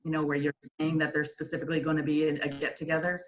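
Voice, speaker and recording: A woman who played and now coaches, answering thoughtfully with many pauses and fillers. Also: sits low, level tone. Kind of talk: casual interview.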